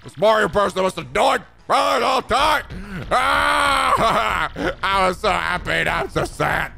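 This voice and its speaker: Brief: man doing a gravelly, shouty turtle king villain, loud and bright, boastful. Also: sits high, big pitch swings, slow pace, pitched above the performer's own voice, heavily acted. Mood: despairing. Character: gloating, blustering male king of turtles. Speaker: let's player voicing a character.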